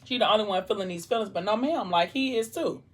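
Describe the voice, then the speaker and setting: Her mid-range voice moves at a quick pace and has a breathy edge. Between bites, the vlogger chats through a book's scenes, reading dialogue out loud and filling gaps with "like."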